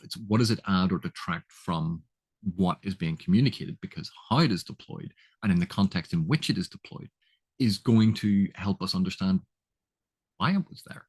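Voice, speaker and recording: Man with a low voice giving a casual lesson, chatty, lots of restarts. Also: a little mellow, husky. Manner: chatty, laughs at own examples, restarts often. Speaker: literature educator.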